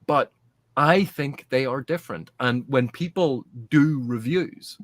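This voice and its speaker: A man's voice: medium pitch, slow. A man in a casual podcast panel discussion, making his points earnestly and emphatically, often restarting mid-phrase. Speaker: podcast guest.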